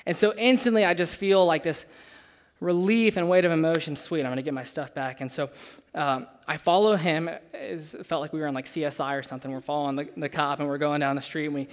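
A young adult man delivering a sermon. He talks in a relaxed, conversational way, breaking into a personal story and turning to his listeners with asides. His voice sits slightly high for a man. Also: quick pace. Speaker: preacher.

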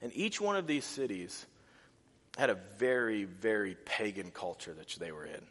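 A man preaching a sermon, animated and casual, with many restarts and fillers. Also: fairly low pitch, normal speed. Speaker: pastor. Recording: reverberant hall.

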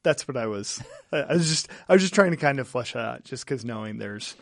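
Gravelly earnest male pastor. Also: medium pitch, animated, fairly bright tone, no room sound, clean studio sound. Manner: earnest, halting, many restarts. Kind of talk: casual podcast chat.

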